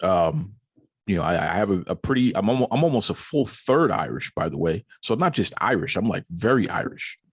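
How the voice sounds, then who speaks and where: A man's voice: fairly low pitch, sing-song, fairly quick, slightly rough, no room sound, studio quality. A man hosting a podcast in casual chat, jokey and teasing, laughing often. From Boston area. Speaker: podcast host.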